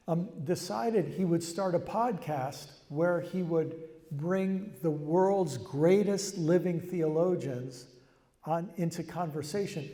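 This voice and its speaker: A man's voice: a little high, warm tone. An older man giving a reflective, conversational public talk, often restarting his phrases. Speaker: speaker. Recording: long hall reverb.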